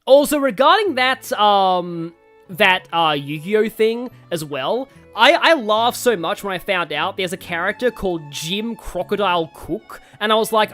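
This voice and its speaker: Rambling man streaming a game, lively pitch. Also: unhurried, soft background music. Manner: rambling, full of fillers and self-corrections. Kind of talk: casual let's-play commentary.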